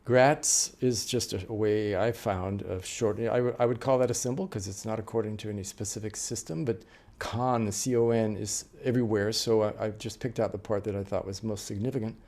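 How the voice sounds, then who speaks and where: A middle-aged American man, an interpreter trainer, lectures a class on note-taking, explaining patiently with lots of fillers and restarts. His voice is lowish and a little mellow, with fairly even intonation, and he talks briskly with few pauses.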